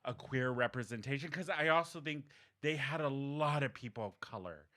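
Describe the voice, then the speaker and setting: A man's voice: medium pitch, moderate pace, bright, forceful tone. A man co-hosting a podcast in casual chat, chatty and laughing often, trailing off mid-thought. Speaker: podcast co-host.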